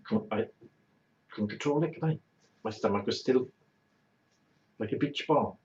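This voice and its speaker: A man's voice: mid-range voice, measured pace, darkish tone. A man hosting a talk show, telling a blunt, exaggerated, bawdy comic anecdote. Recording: roomy, dull lo-fi sound.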